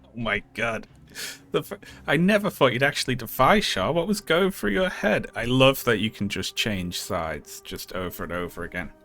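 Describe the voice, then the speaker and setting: A man's voice: medium pitch, big pitch swings, normal speed, fairly bright tone. Joking man commenting on a game stream. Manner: joking, sarcastic, laughs often. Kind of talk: casual live-stream commentary.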